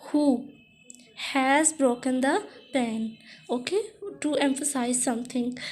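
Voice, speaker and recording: A woman teaches a recorded grammar lesson. She talks slowly and patiently. She repeats each point and reads out example sentences. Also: sits high, darkish tone. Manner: slow, repetitive explaining with example sentences.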